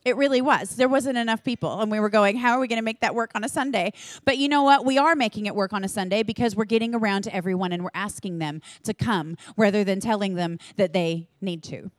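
A woman giving a conference talk to church leaders in an energetic, earnest, chatty manner with quick asides. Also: medium pitch, no echo. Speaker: church children's ministry leader speaking to leaders.

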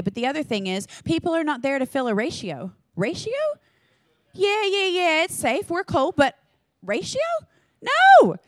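A woman giving a conference talk to church leaders in an energetic, earnest, chatty manner with quick asides. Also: on the high side, no room sound. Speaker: church children's ministry leader speaking to leaders.

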